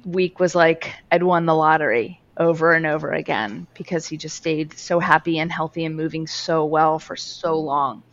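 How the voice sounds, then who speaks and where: A woman who works as a dog behavior professional, chatting casually on a podcast and telling stories with lively acted-out quotes. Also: deep voice, moderate pace, hardly any pauses. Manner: animated storytelling with acted-out quotes. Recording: muffled lo-fi audio.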